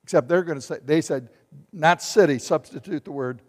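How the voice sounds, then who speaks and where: A middle-aged man delivers a sermon with storytelling flair, his voice sitting a little high for a man. He swings between booming emphasis and hushed, confiding asides. Long reverb from the hall trails after every phrase. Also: a little fast. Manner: animated, shifts from loud bursts to hushed asides. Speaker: pastor.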